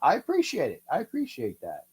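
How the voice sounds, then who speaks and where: A man hosts a casual fan live stream in a high-pitched voice. He rambles, swears freely and often repeats his words as he talks. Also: huge pitch swings, a little fast, husky. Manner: profane, rambling, repeats himself.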